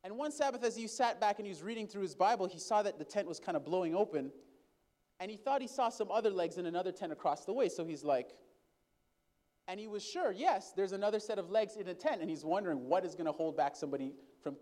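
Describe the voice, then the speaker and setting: A man with a high voice preaching, who shifts from loud calls to soft asides as he tells his story. He speaks to the congregation as brothers and sisters and draws responses from them. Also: expressive, fast. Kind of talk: sermon storytelling.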